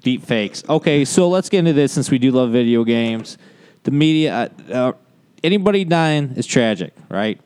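Smooth-voiced swearing podcast man. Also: medium pitch, animated, a little mellow. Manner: ranting, swears a lot, drawn-out emphasis. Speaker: podcast co-host. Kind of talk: casual profane chat.

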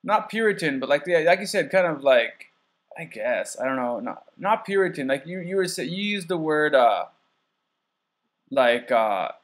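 A man in casual conversation, talking in a halting, rambling way and swearing freely. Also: on the high side, animated.

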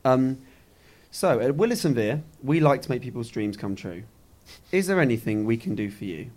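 A man's voice: mid-range voice, lively intonation, normal speed, darkish tone, no room sound. A man hosting a comedy podcast in casual chat, rambling and self-mocking, recording in a bedroom. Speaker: podcast host. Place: bedroom in a rented flat.

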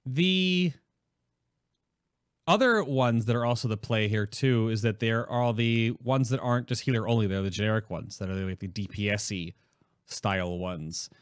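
A man's voice: lowish voice, moderate pace, clear, resonant tone, dry recording, clean studio sound. A man hosting a casual chat, asking long questions while thinking aloud.

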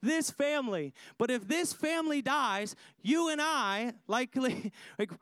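A man's voice: very high-pitched, expressive, measured pace, fairly bright tone, clean tone, no echo. A man preaching a sermon, emphatic, repeating phrases for effect and putting questions to his listeners. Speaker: pastor.

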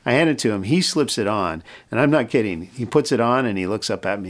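Middle-aged guy spinning a yarn, low-ish voice, acts out the lines. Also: quick pace. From United States. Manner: animated storyteller acting out dialogue. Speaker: mission president, guest. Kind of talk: storytelling in a podcast interview.

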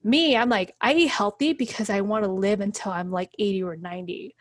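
A woman's voice: medium pitch, fairly quick, no room sound. A woman in her thirties talking casually in an interview, chatty and full of fillers and restarts. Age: 30s.

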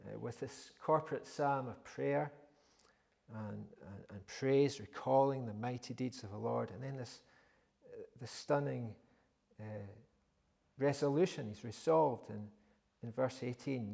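A man delivers an evening sermon in a gravelly voice with a rough, husky edge. He talks earnestly, pausing often and repeating words as he gathers his thoughts. His voice rises with emphasis whenever he reads the scripture aloud. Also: medium pitch, darkish tone. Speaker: preacher.

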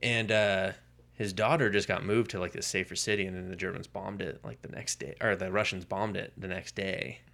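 Male podcast co-host, low gravelly voice, animated storyteller. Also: moderate pace. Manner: animated storytelling, acting out quoted lines. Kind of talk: casual comic book podcast chat.

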